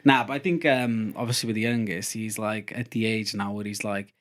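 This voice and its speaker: A man's voice: fairly low pitch, steady tone, brisk. A young man hosting a podcast, chatting casually and steering the topics. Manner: easygoing, steers the talk. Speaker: podcast host. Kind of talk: casual chat.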